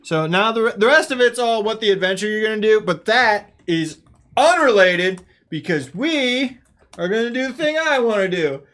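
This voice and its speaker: A man's voice: high-pitched, animated, moderate pace, a bit bright. A man running a tabletop game as game master, reading rules and chatting, laughing often.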